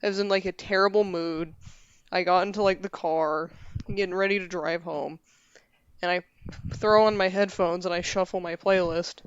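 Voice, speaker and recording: A woman's voice: fairly low pitch, clear, resonant tone, no echo, dull audio. A young adult woman, a guest on a casual podcast, talking earnestly and rambling a little with plenty of "like".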